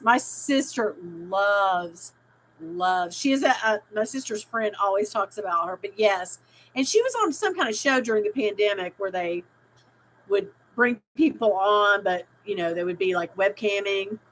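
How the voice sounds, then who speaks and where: A woman's voice: mid-range voice, measured pace, a bit bright, poor audio. A middle-aged woman hosting a casual live stream, rambling and reading out viewers' chat comments with easy laughter. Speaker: livestream host.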